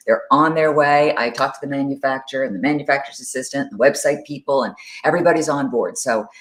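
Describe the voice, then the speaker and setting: A woman's voice: a bass voice, fast, fairly bright tone. A woman co-hosting a live social media show, chatting casually, greeting viewers by name and laughing often. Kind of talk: casual live-stream chat reading viewer comments.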